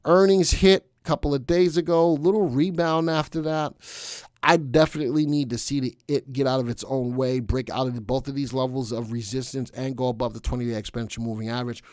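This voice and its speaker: A middle-aged man runs a casual live stock stream in a relaxed, chatty way, walking through charts and answering viewers in the chat. His voice sits at an ordinary middle pitch. It sounds dry and close, with no room echo. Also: a little fast. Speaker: stock market analyst host.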